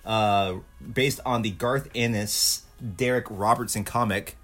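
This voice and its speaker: A man's voice: on the low side, steady tone, a little slow, fairly bright tone, soft background music. A man co-hosting a podcast, chatting casually, joking and swearing a lot. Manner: profane, joking, enthusiastic. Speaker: podcast co-host.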